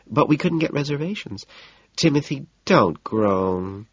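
A man voicing a fretful, theatrical wealthy young hostess in an audiobook, gushing and breathy with dramatic wails. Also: medium pitch, lively intonation, a little slow, a bit bright, dry recording, voice pushed up. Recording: dull, muffled audiobook recording.

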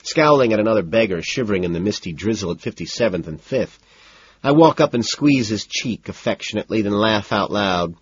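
A man's voice: lowish voice, animated, fairly quick, slightly rough, no echo, highs cut off. A man reading a first-person story aloud in a cool, detached way, rattling off long lists in scripted narration. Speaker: audiobook narrator.

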